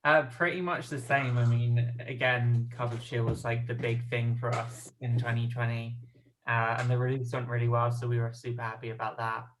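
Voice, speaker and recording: A man guesting on a podcast, chatting casually with dry, low-key humour. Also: flat delivery, normal speed, a bit bright, low-quality recording. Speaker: guest filmmaker. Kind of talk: casual chat. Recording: clear background noise.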